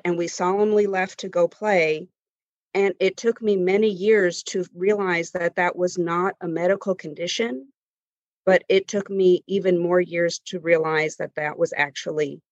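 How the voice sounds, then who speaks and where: Low-voiced woman telling a story. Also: darkish tone, dry recording. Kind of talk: personal story told on stage. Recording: dull lo-fi recording.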